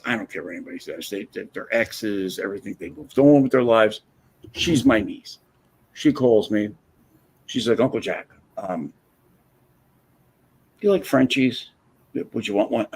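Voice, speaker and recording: Hosting a casual livestream, a husky-sounding man recounts a tale in a blunt, profanity-heavy way. His delivery stays relaxed and chatty even as his pitch jumps around with growing animation.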